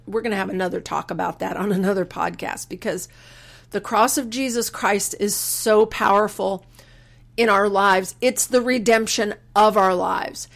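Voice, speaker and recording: A woman's voice: medium pitch, gravelly. Female podcast host with an earnest, sermon-like delivery, mid-range voice, stops and restarts when moved. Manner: earnest, preacherly, quotes scripture with slow emphasis. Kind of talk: faith-based personal reflection.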